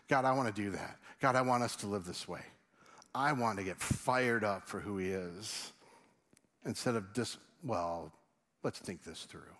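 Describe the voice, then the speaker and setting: A middle-aged man preaching a sermon, swinging between loud excited stories and hushed, earnest appeals. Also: medium pitch. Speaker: pastor.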